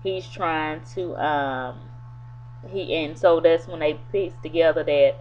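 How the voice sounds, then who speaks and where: Woman reviewer, low voice, chatty rambling recap, tinny phone-like audio. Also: takes it slowly, darkish tone. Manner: rambling, loose retelling with many fillers. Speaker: TV episode reviewer. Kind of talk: casual spoken episode recap. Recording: tinny phone-like sound with faint hum.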